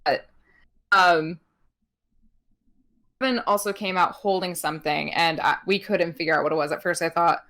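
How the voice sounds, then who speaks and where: A woman's voice: on the low side, moderate pace, long pauses. Giggly, chatty woman podcast host. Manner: chatty with many ums, giggles, animated voices in quotes. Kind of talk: casual wrestling recap chat.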